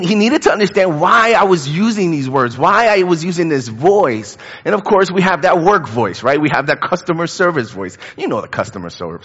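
A man's voice: a little high, a bit bright, slightly rough. A man in his thirties preaching a casual, conversational sermon, talking in a chatty way with frequent fillers and repeated words. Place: church sanctuary. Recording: dull lo-fi with long hall reverb.

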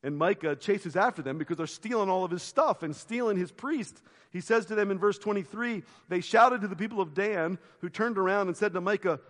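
A man preaching a sermon as pastor, retelling a story with expressive quoted voices and quiet reflective turns. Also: sits high, fairly quick, few pauses, long reverb tail. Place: church sanctuary.

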